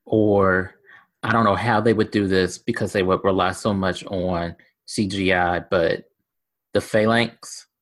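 A man co-hosting a casual fan podcast, relaxed and hesitant, with frequent fillers. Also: sits low, a little slow. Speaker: podcast co-host.

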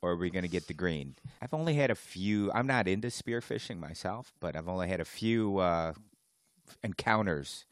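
Male podcast co-host, lower voice, wry and teasing; dry close-mic sound. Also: expressive, moderate pace, no echo. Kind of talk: casual podcast chat.

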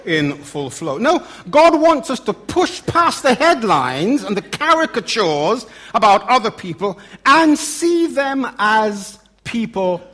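A middle-aged man preaching a sermon, swinging from loud emphatic lines to low quiet asides.

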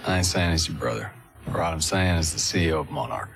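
An actor playing a blunt male music-business insider in a TV drama, speaking in a gravelly drawl. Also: very deep voice, lively intonation, quick pace, heavily acted. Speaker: drama character.

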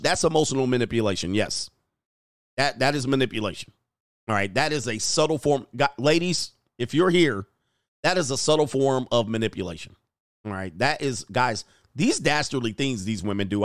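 A man's voice: medium pitch, clean tone, no room sound, clean studio sound. A man hosting a live stream, reading viewer comments aloud and giving blunt, crude, mocking commentary.

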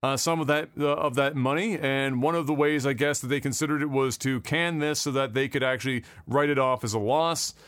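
A man's voice: mid-range voice, fairly even intonation, brisk, hardly any pauses, a bit bright, smooth, dry recording, studio quality. A man co-hosting a casual podcast chat, talking animatedly, swearing often and restarting his sentences. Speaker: podcast co-host.

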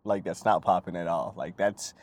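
A man's voice: deep voice, normal speed. Profane rambling young man hosting a show. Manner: profane, rambling, animated impressions. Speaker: podcast host. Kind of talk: crude comedic monologue.

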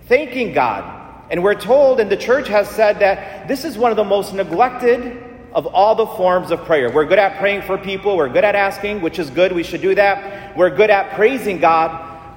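A man preaching an earnest, repetitive sermon as a Catholic priest in a church. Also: sits high. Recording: echoey church with long reverb.

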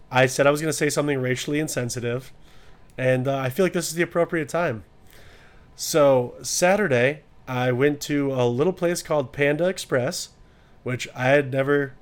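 A man co-hosting a podcast, telling a crude, joking story and often laughing. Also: medium pitch. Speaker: podcast co-host. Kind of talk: casual podcast chat and anecdote.

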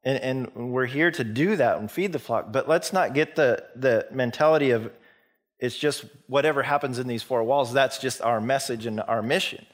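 A man's voice: mid-range voice, normal speed. A man preaching a sermon as a pastor, retelling a parable in a conversational storytelling way with many restarts. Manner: conversational storytelling with frequent restarts and acted-out quotes.

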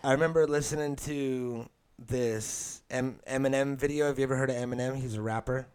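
A man's voice: medium pitch, steady tone, a little fast, clear, resonant tone. A man co-hosting a casual chat, easygoing and rambling as he tells a story. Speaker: podcast co-host.

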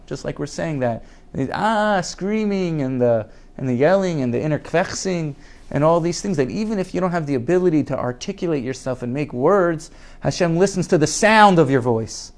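A man's voice: fairly high pitch, a little mellow. A man teaching a Torah class in an earnest way, repeating words for emphasis and reading Hebrew quotes aloud before translating them.

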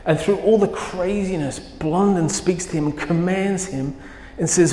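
Pastor preaching in an echoing hall. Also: male voice, high-pitched, normal speed, hardly any pauses, dark tone. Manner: storytelling, building to emphatic quoted commands. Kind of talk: sermon. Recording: echoey hall with long reverb.

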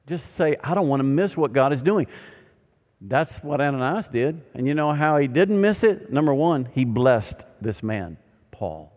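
An older man preaching a sermon as pastor, animated and then dropping to quiet emphasis. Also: fairly high pitch, normal speed. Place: church sanctuary. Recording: long reverb of a large hall.

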